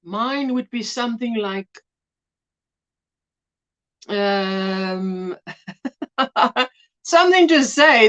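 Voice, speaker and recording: Lively high-voiced woman. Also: drawn-out words, pauses often, muffled recording. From South Africa. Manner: chatty, greets viewers and reads comments aloud. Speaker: crochet livestream host. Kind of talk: casual live-stream chat. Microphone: phone.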